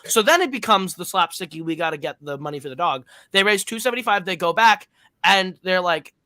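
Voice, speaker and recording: A man's voice: sits high, animated, fast, bright, forceful tone, dry recording. A man co-hosting a film podcast, retelling a movie's plot in a rambling way, correcting himself often and using lots of fillers. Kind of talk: casual plot recap and review.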